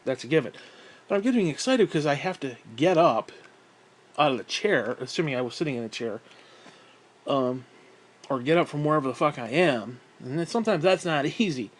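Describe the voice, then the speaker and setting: A man rambles through a story in a casual monologue, swearing freely and mocking himself. He sounds fed up, often sighs between thoughts, and his voice sits slightly high for a man. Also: animated, brisk. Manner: profane, exasperated and self-mocking, with frequent sighs. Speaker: vlogger.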